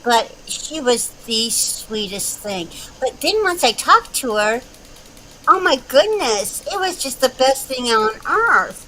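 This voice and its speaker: Woman telling a lively story. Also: high-pitched, slow pace, slight background noise, low-quality recording. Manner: animated storytelling, dry asides. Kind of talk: casual chat.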